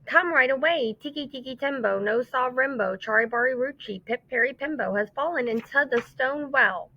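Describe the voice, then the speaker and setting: A woman voicing a breathless little boy who cries out urgently, in a high, panting voice. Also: moderate pace, dry recording. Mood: shouting, pleading. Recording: dull lo-fi dry recording.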